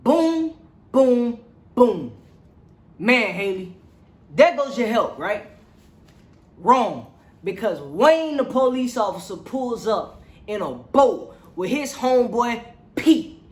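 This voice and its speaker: Movie reviewer, casual slangy recap, animated storytelling, echoey room. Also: medium pitch, slow. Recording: roomy echo.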